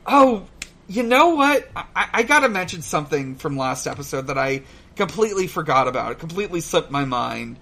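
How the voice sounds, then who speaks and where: A man co-hosting a podcast in casual chat, halting with many fillers and restarts, swearing and laughing easily. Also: fairly high pitch, big pitch swings, pushed and bright. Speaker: podcast co-host. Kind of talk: casual chat recapping a cartoon.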